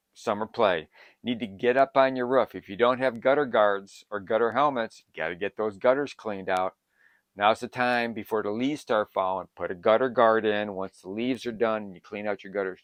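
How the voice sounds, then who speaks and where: Older man, lowish voice, eager and rambling prep advice, dry close recording. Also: no echo. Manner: excitable, rambling, jumps between topics. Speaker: prepping channel host. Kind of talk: casual advice to camera.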